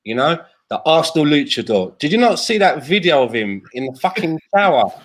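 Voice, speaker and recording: Lively, swearing man in banter. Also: fairly high pitch, a little fast. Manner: swears freely, jokey. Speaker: podcast panelist. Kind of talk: casual banter.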